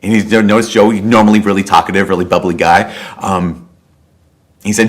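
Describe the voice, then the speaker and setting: Low-voiced priest preaching conversationally. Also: male voice, a little fast. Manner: conversational storytelling with repeated rhetorical questions. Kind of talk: sermon.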